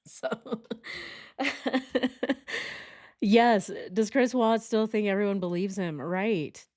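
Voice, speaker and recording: A woman's voice: mid-range voice, extremely slow, pauses often, a little mellow. A woman chatting casually and joking as she comments on a true crime video, laughing often.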